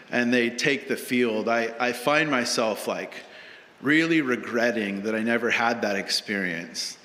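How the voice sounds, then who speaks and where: A man's voice: mid-range voice, bright, forceful tone. A male pastor preaching a sermon with a humorous, storytelling delivery in a church. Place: church sanctuary. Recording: long church hall reverb.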